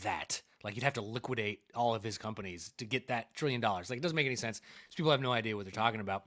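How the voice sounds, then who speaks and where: A man hosting a casual political call-in show, energetic and jokey as he plugs the channel. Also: on the low side, rapid-fire. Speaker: show host.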